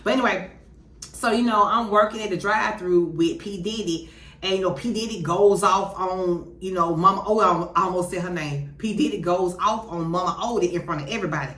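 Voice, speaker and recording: A woman telling a storytime in an animated, blunt and profane way. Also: on the low side, a little fast. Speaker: YouTuber. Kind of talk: casual storytime. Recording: echoey room.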